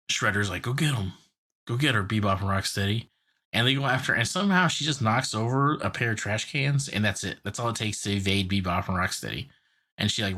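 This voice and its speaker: This co-host's voice is lowish, sharp in tone and slightly rough. Chatting casually on a podcast, he retells a cartoon episode in a loose, rambling manner, full of filler words.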